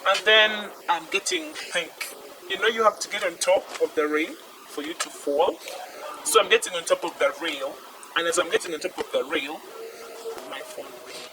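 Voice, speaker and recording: A young woman gives a personal testimony, halting and repeating herself, often sinking to a near whisper. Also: lowish voice, expressive. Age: young adult. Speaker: interviewee. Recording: noisy background hiss.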